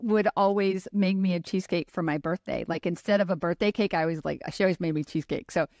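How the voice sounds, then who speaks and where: A woman's voice: fairly low pitch, fast, a little mellow, dry recording, clean studio sound. A middle-aged woman hosting a casual interview, chatty and rambling with frequent restarts. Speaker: host.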